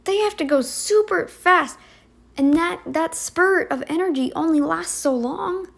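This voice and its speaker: A woman reacts to a video in casual commentary, pushing back hard on what she hears. Her voice sits high and she takes her time, leaning on her words to make her point. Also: unhurried, gravelly. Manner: emphatic, argumentative, talks back to the clip.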